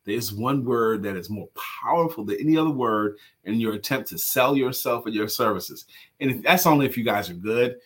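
A man's voice: medium pitch, lively intonation, a little fast, husky. A man co-hosting a casual morning talk show, chatty and playful, with a lot of fillers. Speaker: co-host.

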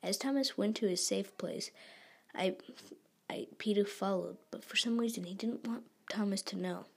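Woman whisper-reading a story, gravelly and breathy, trips over words. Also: medium pitch, steady tone. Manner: halting reading with restarts. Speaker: story reader.

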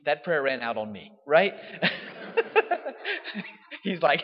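Priest, lively pitch, casual laughing homily, long hall reverb, muffled sound. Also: male voice, slow. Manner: chatty, laughing storyteller. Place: church.

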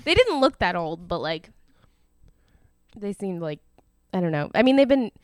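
Casting: woman, smooth clear voice, close dry mic, easygoing chatter, quick to laugh. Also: medium pitch, sing-song, no echo. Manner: chatty, laughs often, trails off with fillers. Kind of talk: casual chat.

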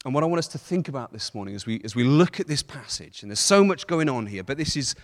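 A male pastor at a medium pitch delivers a Sunday sermon in a chatty, informal way. He reads scripture, then breaks off into casual commentary. His voice carries the long reverb of a church hall. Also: quick pace. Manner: relaxed, chatty asides between scripture readings.

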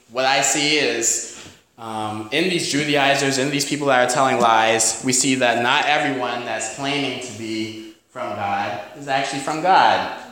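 A man with a New York accent preaches a sermon in a relaxed, conversational way. His voice sits at a middle pitch, and he often checks in with "amen?" The sound rings heavily in a very echoey church hall. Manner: conversational, with frequent "you know" and "amen?". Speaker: pastor.

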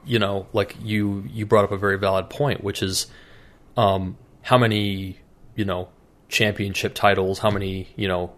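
This podcast co-host is a man with a fairly low, slightly bright voice, speaking at normal speed in a level tone. In a casual show, he tells profane stories and acts out the voices of the people in them.

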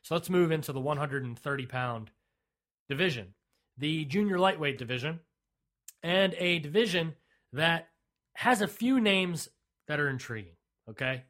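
A man's voice: a little high, animated, normal speed, long pauses, fairly bright tone. Blunt, opinionated male podcast co-host. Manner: opinionated and blunt, with frequent restarts. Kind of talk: casual sports chat.

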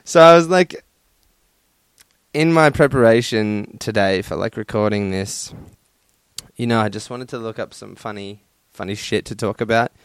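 A man's voice: lowish voice, normal speed, clear, resonant tone, no echo. A young man hosting a casual solo podcast from his room at home, swearing often, laughing and using lots of fillers while sunburnt and hot. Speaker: podcast host.

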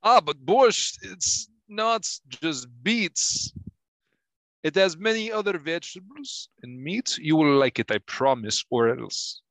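Comic Russian husband, proud and deadpan, strong Russian accent, played by a man; dry, close recording. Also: a little high, slow pace, no echo, exaggerated voice. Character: boastful Russian immigrant husband, smug. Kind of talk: comedy sketch acting.

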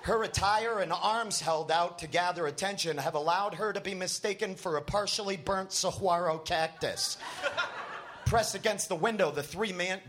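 A comedian reading a comic story aloud at a comedy festival, narrating an absurd tale with a straight delivery. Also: male voice, high voice, normal speed, a bit bright, slight background noise.

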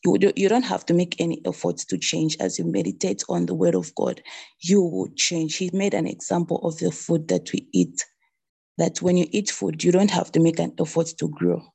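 Husky, gravelly woman sharing a sermon. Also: on the low side, mellow. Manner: earnest, retelling a sermon with hesitations. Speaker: church member sharing. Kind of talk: testimony over video call. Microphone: video call.

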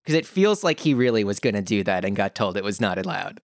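A man's voice: on the low side, very animated, quick pace, dry recording, studio quality. A man co-hosting a podcast, chatting animatedly about a reality show, swearing casually and acting out quotes. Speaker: podcast co-host.

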